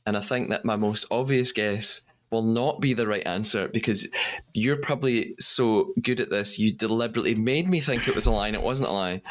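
A man's voice: medium pitch, fairly bright tone. A man hosting a podcast, chatting playfully with a guest. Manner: chatty, playful, quick to laugh. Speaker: podcast host. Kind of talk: casual interview chat.

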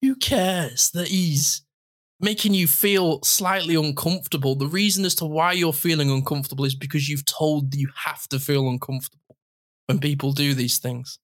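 A man's voice: a little high, fairly even intonation, moderate pace, a bit bright. A man in his thirties hosting a podcast in casual chat, speaking in a heartfelt and emotional way, close to tears. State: tearful. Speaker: podcast host.

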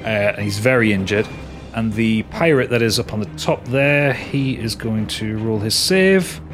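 A man's voice: on the low side, normal speed, a bit bright, faint music behind. A man narrating as game master of a tabletop game, talking with frequent hesitations. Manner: hesitant, many fillers and restarts.

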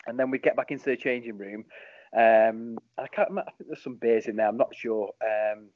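A former football captain chats through old match memories in a loose, rambling way. His voice sits at an ordinary male pitch and has an animated lilt. The recording is dry and slightly dull. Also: a little fast, no echo. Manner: animated, rambling, lots of ums. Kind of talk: casual storytelling interview.

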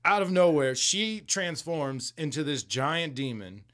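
A man co-hosting a podcast casually recaps a comic book in a rambling, profane way, laughing along the way. His voice is a little high and fairly bright, very animated, at a measured pace.

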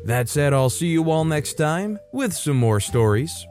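A man's voice: a little high, big pitch swings, unhurried, darkish tone, soft background music. A man reading online workplace stories aloud as a narrator, adding wry conversational comments between them. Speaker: story narrator.

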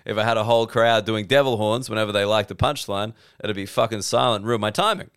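Rambling Australian comedian, smooth voice. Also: male voice, lowish voice, fast, a bit bright. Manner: rambling, self-deprecating, swears freely. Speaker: podcast host, comedian. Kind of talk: solo casual podcast monologue.

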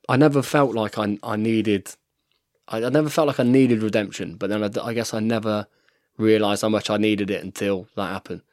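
An English man in his thirties, a professional rugby player, chatting excitedly while rewatching match footage and calling his friend "mate" constantly. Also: on the low side, dry recording, clean studio sound. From England. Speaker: guest, professional rugby fly half. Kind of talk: casual chat while watching match footage.

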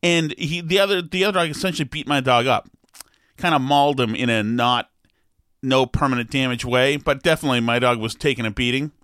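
A man's voice: mid-range voice, brisk, fairly bright tone, no echo, clean studio sound. A middle-aged man telling a rambling, wry story in a casual monologue, exasperated and digressive.

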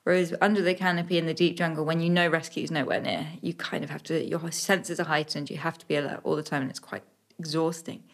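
A young British woman, an adventurer, telling stories in a podcast interview, animated with many fillers and restarts. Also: low voice, quick pace. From Britain. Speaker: adventurer guest.

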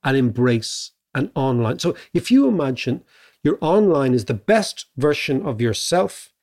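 A middle-aged Irish man co-hosting a podcast in casual chat. He muses aloud and keeps checking in with a quick "right?". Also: medium pitch, big pitch swings, darkish tone. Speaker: podcast co-host.

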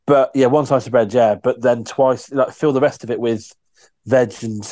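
A man chats in casual podcast banter, eager and teasing as he eggs his co-host on. His delivery is quick to get excited. The sound is dry and close. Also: mid-range voice, no room sound.

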